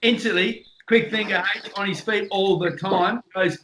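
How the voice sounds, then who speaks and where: An Australian man telling a story in a casual chat, animated and acting out the people in his stories. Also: high voice, moderate pace, background noise. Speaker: guest, former boxer.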